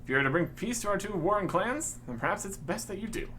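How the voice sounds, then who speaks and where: A man voicing a proud male chieftain of a northern tribe, speaking gravely in game dialogue. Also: sits high, lively intonation, fast, bright, forceful tone, a little hiss or hum.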